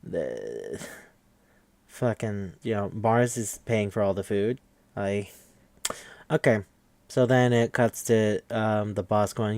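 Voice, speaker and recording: A man hosting a podcast, recapping an anime episode in an animated, profane, incredulous chat. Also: fairly low pitch, a little slow, no room sound.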